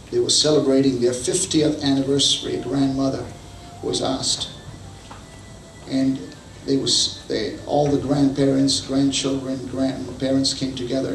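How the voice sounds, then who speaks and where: A male pastor preaches a sermon and brings his stories to life by acting out each quote. His voice has a gravelly edge and sounds distant, caught by a far-off mic in an echoey hall with a faint hum behind it. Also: mid-range voice. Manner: storytelling, acts out quotes. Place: church hall.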